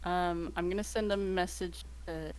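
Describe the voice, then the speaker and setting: A woman's voice: on the low side, steady tone, moderate pace, darkish tone, a little hiss or hum, rough recording. A woman playing a tabletop game, a bit flustered as she describes her character's moves. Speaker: player. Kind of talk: casual tabletop role-play.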